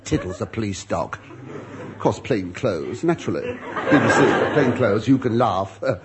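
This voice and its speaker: A man's voice: lowish voice, expressive, moderate pace, very noisy. A man telling a rambling, self-mocking comic monologue with muttered asides. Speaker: comedian.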